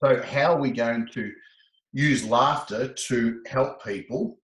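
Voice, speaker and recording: Animated man telling stories. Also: slow pace, echoey room, rough recording. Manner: expressive, acts out quoted exchanges with rising pitch. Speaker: laughter specialist guest. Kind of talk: animated conversational storytelling.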